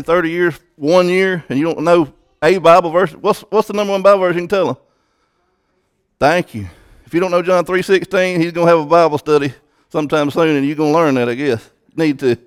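Male preacher, fairly high smooth voice, emphatic sermon delivery with repeated words. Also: no echo, clean studio sound.

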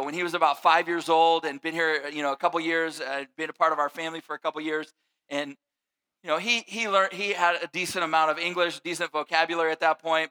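A man's voice: on the high side, pushed and bright, clean tone, rough recording. A middle-aged father giving a talk on family life, telling stories in a casual way with lots of fillers and restarts. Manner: conversational storytelling with frequent fillers and restarts. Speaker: speaker.

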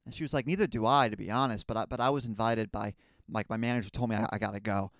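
A man's voice: lowish voice, fairly even intonation, fast talker, no echo, clean studio sound. Rambling, stammering young man telling a story. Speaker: podcast host. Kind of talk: comedic storytelling.

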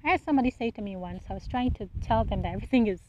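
A woman's voice: mid-range voice, animated, rapid-fire, a little mellow, dull audio, slight background noise. A woman hosting a solo podcast, talking bluntly and with exasperation, swearing freely and firing off rhetorical questions. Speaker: podcast host. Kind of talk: casual solo monologue.

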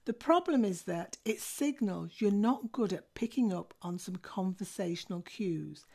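A woman, a former hiring manager, giving a clear, methodical lesson on workplace skills. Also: mid-range voice, darkish tone. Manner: clear, measured, methodical delivery. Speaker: career coach. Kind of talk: instructional talk.

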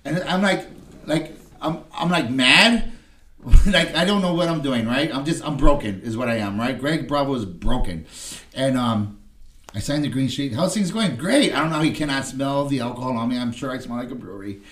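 A man appearing as a podcast guest tells his recovery story emotionally, often restarting his words and slipping the tag question "right?" between phrases. His voice is medium-pitched and fairly bright, at a moderate pace.

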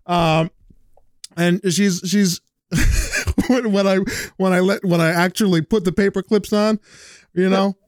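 A man's voice: sits high, unhurried, dry recording, clean studio sound. Rambling young man telling a story. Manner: rambling, many restarts, laughs through his story. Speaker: podcast host. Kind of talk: casual chat, telling a funny story.

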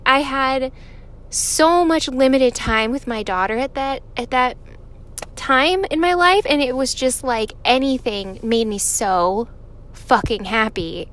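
A woman's voice: fairly high pitch, fairly bright tone. A woman in her thirties from California, telling a personal story to viewers in a chatty way, swearing freely and laughing often.

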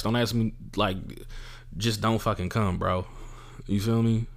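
A young adult comedian hosting a podcast delivers a casual, profane rant as a monologue, acting out the people he quotes. His voice is lowish and steady, at a measured pace.

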